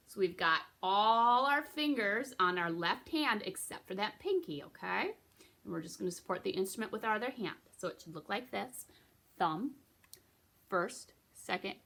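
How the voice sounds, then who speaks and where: A woman's voice: medium pitch, sharp tone. A woman teaching a beginner recorder lesson, patient and encouraging, checking in with frequent okays. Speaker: music teacher.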